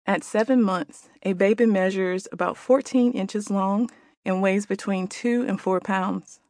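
A woman in her forties narrates her own book in a gentle, reflective tone. Her voice sits at a middle pitch. The recording is dry, with no room sound. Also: steady tone, unhurried, no room sound. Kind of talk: audiobook narration.

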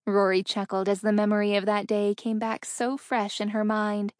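A woman narrating an audiobook in an even, measured storytelling voice. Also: medium pitch, dry recording, studio quality.

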